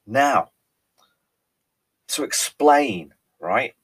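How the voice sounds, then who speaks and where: A man's voice: mid-range voice, animated, very slow, slightly rough. A man in his thirties with a Merseyside accent, hosting a casual solo podcast and chatting in a rambling way full of ums and restarts. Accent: Merseyside with a faint Cheshire lilt. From Ellesmere Port, England. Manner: chatty and rambling, with frequent ums and repeated words. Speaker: podcast host.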